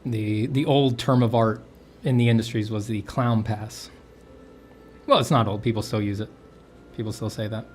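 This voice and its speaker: A man's voice: lowish voice, steady tone, normal speed, pauses often, darkish tone, faint music behind. Rambling man teaching art on a stream. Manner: rambling, self-correcting, jokey. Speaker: artist streaming a drawing session. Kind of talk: casual livestream teaching.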